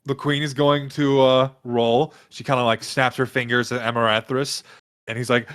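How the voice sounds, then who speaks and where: A man running a tabletop game as game master, talking in a casual, relaxed way. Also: mid-range voice, normal speed, clean tone. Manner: casual, laid-back.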